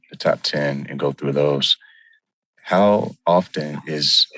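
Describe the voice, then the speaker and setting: A man with an extremely deep voice hosts the interview, recorded dry and close. He asks long questions haltingly, rephrasing them as he goes. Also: a bit bright, dry recording, low-quality recording. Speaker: podcast host.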